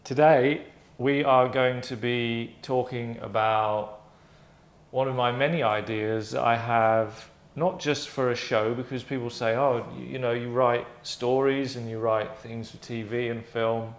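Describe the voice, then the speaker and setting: In an echoey room, a male host talks through his own game concept in a loose, wandering monologue full of tangents and corrections. He speaks a little slowly, his medium-pitched voice keeping a fairly even intonation.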